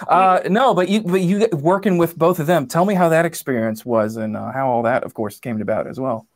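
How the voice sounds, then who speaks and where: Halting interview host. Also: mid-range voice, a little hiss or hum. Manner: halting, many fillers and restarts. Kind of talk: interview questions.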